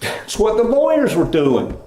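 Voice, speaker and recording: Man, pastor, relaxed storytelling sermon, fairly high voice, echoey church room. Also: unhurried. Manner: conversational storytelling preacher. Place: church sanctuary.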